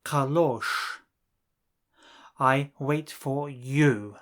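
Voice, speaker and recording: Very slow, deliberate male language teacher. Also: medium pitch, fairly bright tone. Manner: slow, deliberate drilling with pauses for repetition. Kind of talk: scripted language lesson.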